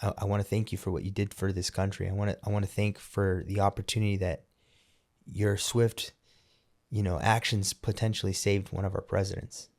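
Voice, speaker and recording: A man's voice: sits low, level tone, a little fast, darkish tone. A man hosting a podcast interview, talking in a casual, emphatic and opinionated way, often restarting his sentences. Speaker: podcast host.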